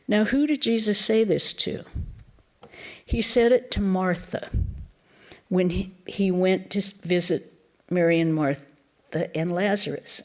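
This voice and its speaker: A woman, a nun, giving a reflective Easter lecture in a temple, pausing often and restarting her phrases. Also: fairly low pitch, expressive, a little mellow. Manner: slow and reflective, with pauses and restarts.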